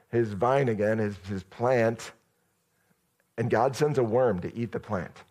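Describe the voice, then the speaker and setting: A man preaching a sermon as pastor, in an easy, conversational way. His voice sits at a middle pitch and he tells the story directly to his church. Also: a little mellow.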